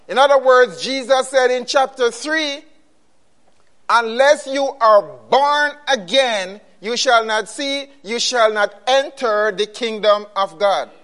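A man's voice: extremely high pitch, fairly bright tone. A man preaching a sermon, emphatic and repeating his key phrases.

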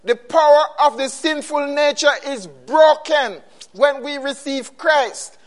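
Slow, high-voiced male preacher. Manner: emphatic, repeats key phrases. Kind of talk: sermon.

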